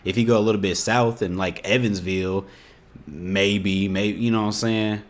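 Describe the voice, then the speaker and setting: A young man with an Indiana accent talks through a reaction video in a lowish voice. He is animated and a bit exasperated, and he leans on casual filler phrases as he explains himself. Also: normal speed. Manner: animated, exasperated, keeps saying "you know what I'm saying".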